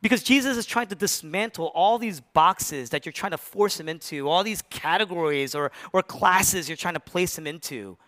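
A man preaching a sermon as pastor, animated, swinging between loud rises and hushed, low lines. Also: moderate pace, few pauses. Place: church.

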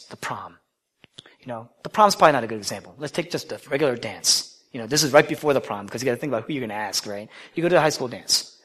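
Male preacher, mid-pitched, dynamic delivery, bold claims dropping to near-whispers. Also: breathy edge. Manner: dynamic, swings from loud declarations to hushed whispers; conversational, asks the listeners questions. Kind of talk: sermon.

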